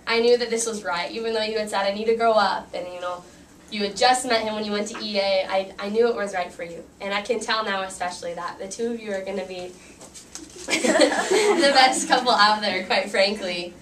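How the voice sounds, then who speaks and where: A young adult woman, the maid of honor, gives a wedding speech in a medium-pitched, slightly bright voice at a fairly quick pace. Chatty and giggly, she tells stories full of likes and restarts, captured by a distant mic with faint room noise.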